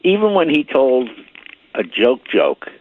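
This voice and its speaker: An older man telling stories in a casual chat. He rambles and repeats words, and grows animated as the story builds. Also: medium pitch, a little slow, narrow, tinny audio.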